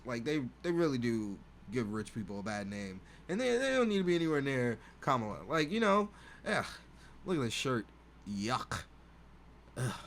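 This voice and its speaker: A man hosting a podcast, riffing in a loose, rambling comedic monologue, with faint hum behind. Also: mid-range voice. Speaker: podcast host.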